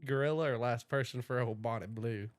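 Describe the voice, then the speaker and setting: A man's voice: medium pitch, brisk. A man co-hosting a comedy podcast, telling crude stories and laughing at his own jokes. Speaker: podcast co-host. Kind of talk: crude casual banter.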